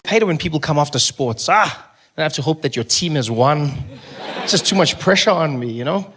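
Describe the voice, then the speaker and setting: A South African man doing stand-up comedy, animated, slipping into voices with laughing asides. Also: a little high, brisk, soft background music. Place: comedy stage before a live audience.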